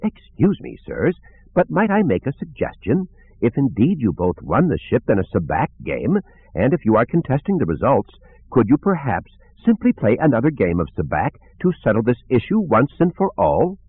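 A man's voice: mid-range voice, wildly swooping pitch, normal speed, slightly rough, no echo, voice pushed up. A man voicing a fussy, overly formal male protocol droid, prim and anxious. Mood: fussy, eager. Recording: narrow phone-like sound.

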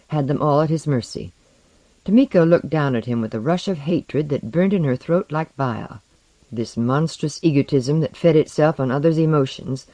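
A man narrating a story aloud in an expressive, dramatic reading style. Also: fairly high pitch, no room sound, poor audio. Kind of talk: audiobook narration.

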